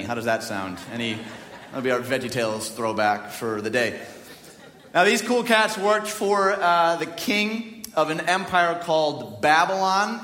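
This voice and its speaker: A man's voice: fairly high pitch, a bit bright. A man pastor giving a sermon, joking and chatting with the congregation between readings. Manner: jokey, conversational preaching with asides to the congregation. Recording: echoey hall from far off.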